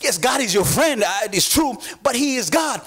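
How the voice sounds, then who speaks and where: A man's voice: very high voice, animated, normal speed, fairly bright tone, breathy edge. A man preaching a sermon, earnest, often repeating words and acting out voices he quotes.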